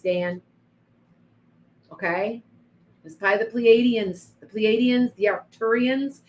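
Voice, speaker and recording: A woman's voice: medium pitch, rough recording. A woman doing psychic readings on a livestream, chatting to viewers by name with frequent restarts. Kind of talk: live-stream reading and chat.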